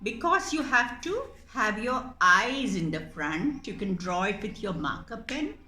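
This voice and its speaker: A woman teaching children how to make paper puppets and telling them a story, in a gentle, instructive manner. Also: mid-range voice, sing-song, roomy sound. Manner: slow, gentle, instructive, sing-song. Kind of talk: craft tutorial for children.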